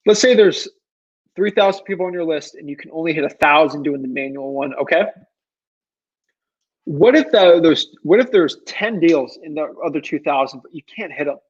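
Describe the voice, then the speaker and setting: A man's voice: a little high, expressive, moderate pace, breathy edge, dull audio. A man giving casual advice while answering viewer questions, earnest and pleading, rambling with lots of fillers. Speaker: real estate wholesaler answering viewer questions.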